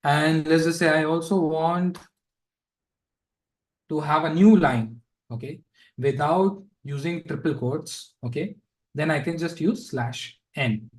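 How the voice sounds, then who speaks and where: Slow-talking man teaching code. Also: on the high side, rough recording. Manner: casual, thinks aloud with fillers and asides. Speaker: programming instructor. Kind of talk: live coding lesson.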